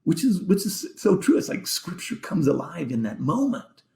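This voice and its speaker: A man, a podcast guest, telling an emotional personal story in a halting way, repeating words and sometimes dropping almost to a whisper. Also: fairly high pitch, sing-song, gravelly, a little mellow. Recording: echoey room.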